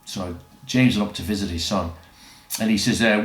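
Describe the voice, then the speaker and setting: His voice runs on the low side at a normal speed while he casually rambles through stories. Chuckling along, he performs the voices of the people he quotes. The sound carries a roomy echo.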